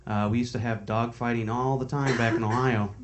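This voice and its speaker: A man comedian doing a rambling stand-up bit that builds to dark punchlines. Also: medium pitch, fairly even intonation, fairly quick, echoey room, background noise.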